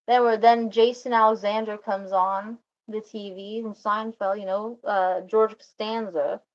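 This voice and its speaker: A woman's voice: mid-range voice, steady tone, highs cut off. A woman vlogger telling a rambling story in casual chat, restarting often and quoting what others said. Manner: rambling, restarts, quotes others in quick asides.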